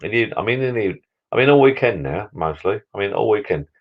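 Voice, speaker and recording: A man's voice: fairly low pitch, lively intonation, brisk, dull audio. A middle-aged man, chatting and rambling jokily on a live stream from his backyard bar. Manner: rambling, jokey, repeats words. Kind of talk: casual live stream chat. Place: backyard garden bar shed.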